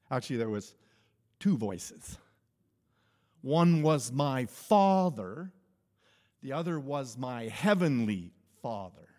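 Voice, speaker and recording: A man, a pastor, telling a humorous personal story in an animated sermon. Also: medium pitch. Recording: echoey hall.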